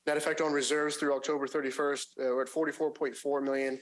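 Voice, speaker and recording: A man walks a board through financial figures at a public meeting. He speaks in a measured way and fills his sentences with pauses and restarts. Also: on the high side, little pitch movement, rough recording. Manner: measured, frequent fillers and restarts. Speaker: agency finance staff presenting a report. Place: public agency meeting room.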